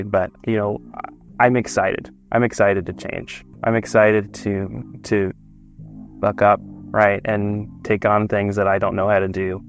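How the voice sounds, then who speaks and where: A man with a low, gravelly voice speaks as a guest on a podcast. He is reflective and earnest and often restarts his thoughts. Faint music plays underneath. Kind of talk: casual interview.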